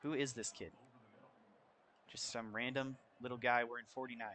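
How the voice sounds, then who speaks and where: Speaking at a moderate pace in a medium-pitched voice, a young man in his college years narrates his football video game in a relaxed, talkative way, getting excited on big plays. Slight background noise is present as he keeps his voice down so he won't disturb roommates at home.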